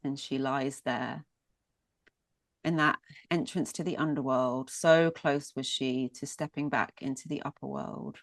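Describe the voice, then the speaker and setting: Slow low-voiced woman storyteller. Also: fairly even intonation, no room sound. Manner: lingering, repeats words for emphasis. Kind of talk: mythic storytelling.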